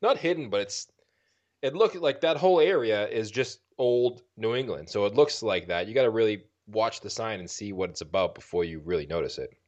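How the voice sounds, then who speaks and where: Boston guy cohosting a podcast, rambling and jokey, talks quick, lowish voice. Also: animated, a little mellow, lo-fi sound. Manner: rambling, jokey, self-correcting. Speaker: podcast co-host. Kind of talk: casual chat.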